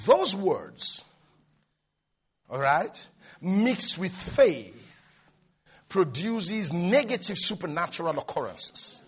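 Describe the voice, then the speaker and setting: A man preaching a fervent, repetitive sermon that rises into shouts. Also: high-pitched, big pitch swings, slow pace, long pauses, breathy edge.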